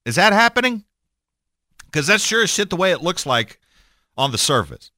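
Animated, sarcastic man ranting. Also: sits high, normal speed, pauses often, no room sound, clean studio sound. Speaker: commentator. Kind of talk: irreverent rant.

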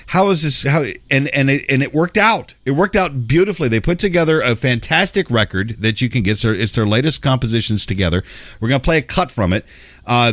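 A man's voice: mid-range voice, no room sound. A man hosting a radio show, chatting loosely and reading ads in a rambling, chummy way with slang asides. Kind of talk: casual radio chat and ad reads.

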